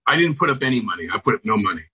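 A man on a video call from home, chatting as a talk show guest, halting and restarting often, with dry sardonic humor. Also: on the low side, big pitch swings, bright, forceful tone, breathy edge, low-quality recording. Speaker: celebrity guest. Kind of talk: casual interview chat. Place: home on Long Island.

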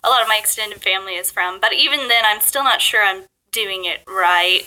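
Bright-voiced chatty woman, laughing often. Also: medium pitch, brisk, hardly any pauses, low-quality recording. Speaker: guest writer and podcaster. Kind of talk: casual interview chat.

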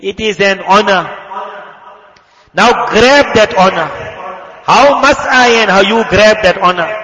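A man preaching a fervent sermon, telling a story and quickly reciting Arabic prayers. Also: high voice, pushed and bright. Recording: echoey hall, muffled lo-fi sound.

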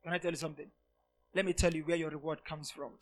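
A male pastor preaching a sermon to a congregation, repeating phrases and swinging between loud, emphatic shouts and hushed, quiet asides. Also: fairly high pitch, steady tone, quick pace.

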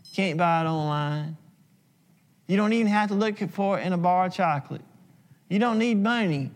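A man preaching a sermon, emphatic and repetitive, slowing for dramatic pauses. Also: high-pitched. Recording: long hall reverb.

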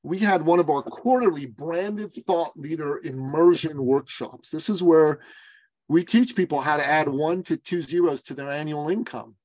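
Animated storytelling man, dry sound. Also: on the high side, vocal fry, no echo. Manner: lively storyteller who acts out quoted voices. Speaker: business coach, podcast guest. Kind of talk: storytelling in a podcast interview.

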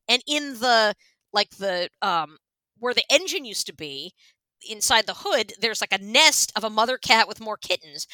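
A woman's voice: fairly high pitch, dry recording. A woman co-hosting a podcast, telling a story in casual chat and acting out the voices in it, with lots of fillers. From Washington state, US. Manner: animated, acts out voices in quotes, many fillers. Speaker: podcast co-host.

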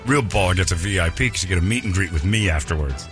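Male morning-radio host, deeper voice, animated, jokey and quick to laugh; studio mic, faint music bed. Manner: joking, laughs often, breaks into impressions. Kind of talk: casual radio banter. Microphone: studio microphone.

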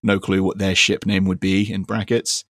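A man's voice: sits low, level tone, moderate pace, a bit bright, no room sound. A man hosting a podcast, chatting casually in a dry, teasing way with lots of fillers. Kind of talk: casual chat.

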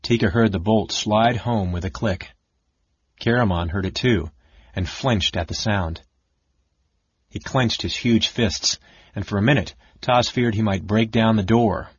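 A male audiobook narrator with a low, husky voice reads a fantasy story in a measured, expressive way. The recording is dry and close, with a slightly dull, lo-fi sound. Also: no echo.

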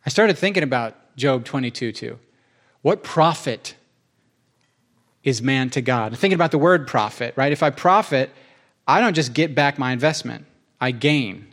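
A man hosting a casual, earnest chat, telling stories in an animated way and slipping into quick acted asides. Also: medium pitch. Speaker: podcast host.

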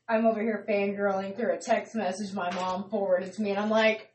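A woman hosting a casual live radio chat, an excitable storyteller who squeals when thrilled. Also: medium pitch, fairly quick, hardly any pauses, recorded from a distance, slight background noise. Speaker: radio show host. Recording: roomy sound from off-mic.

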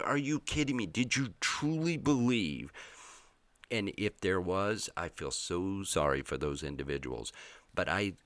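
A man's voice: low-pitched, a bit bright, no room sound. A man hosting a ranting political commentary, sarcastic and exasperated.

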